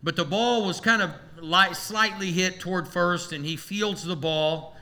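A man preaching a sermon as pastor, telling a humorous personal story to his congregation in an animated way. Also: high voice, measured pace.

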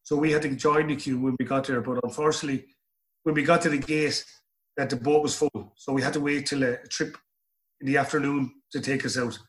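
This middle-aged Irish guest has a medium-pitched voice and speaks briskly with fairly even intonation. In a storytelling interview, he wanders from point to point and repeats himself as he talks.

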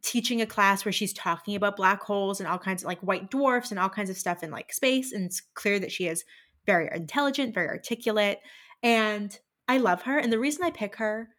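A young woman co-hosting a podcast, telling stories in a casual, animated way and filling her talk with "like". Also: medium pitch, brisk. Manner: animated storytelling, lots of "like". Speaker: podcast co-host. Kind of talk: casual chat.

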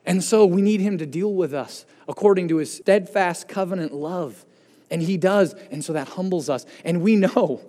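Emphatic high-voiced preacher in a reverberant hall. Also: male voice. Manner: emphatic preaching, swinging from loud bursts to hushed endings. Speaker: pastor. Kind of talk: sermon. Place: church sanctuary.

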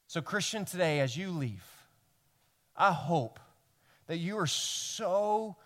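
A man from Tennessee with a Southern accent, preaching a sermon as pastor, earnest and animated, building to emphatic peaks. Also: on the high side, in a large hall. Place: church sanctuary.

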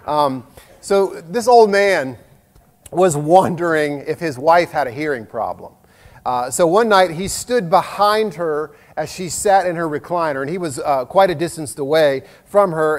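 A man, preaching a sermon in a folksy, self-deprecating way with jokes. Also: a little high. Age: 50s. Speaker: pastor. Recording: long hall reverb.

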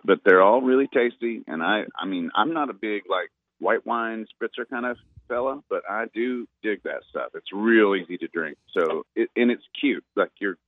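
A laid-back, easygoing man calling in to a radio show, his voice low and pitched down. He comes through a tinny phone line, dry and close. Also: moderate pace, hardly any pauses, no room sound. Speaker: musician guest by phone. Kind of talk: casual phone interview.

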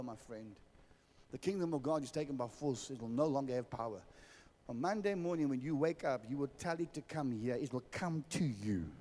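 Man, South African accent, pastor, sermon, forceful, repetitive, long hall echo. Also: on the high side. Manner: forceful, repetitive, direct address to congregation. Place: church hall.

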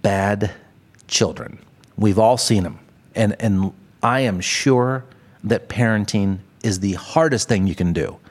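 A man's voice: fairly low pitch, measured pace. A man hosting a podcast, ranting in a casual, comedic way, swearing often and laughing at his own jokes. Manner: profane, laughing, exaggerated ranting. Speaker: podcast host.

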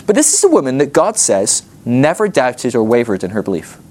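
Man teaching scripture, lively swooping pitch, chatty storytelling, amused. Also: brisk, few pauses. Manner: animated storytelling, laughs at his own points. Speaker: ministry school teacher. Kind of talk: teaching a Bible class.

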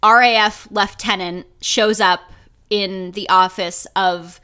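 A young woman co-hosting a podcast, chatting in an animated, profane, joking way and slipping into silly voices. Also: mid-range voice, slow pace, clear, resonant tone. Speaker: podcast co-host. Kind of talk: casual comedic chat.

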